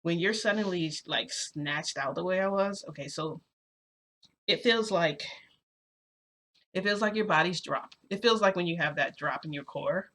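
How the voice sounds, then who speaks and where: A young woman with a bright, forward voice spins a casual first-person story for her viewers. Her talk is loose and chatty, full of "like" and "you know," and she keeps turning to speak straight to the audience. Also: lowish voice, moderate pace. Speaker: storytime vlogger.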